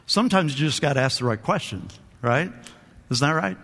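A man's voice: medium pitch, expressive, fairly quick, fairly bright tone, big-room sound. A man preaching a sermon to a church, calling for amens, repeating phrases and restarting his sentences. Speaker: pastor. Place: church hall.

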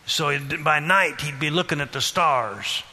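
A man preaching a sermon, questioning the congregation and repeating phrases in a steady rhythm. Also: fairly high pitch, unhurried. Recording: reverberant hall.

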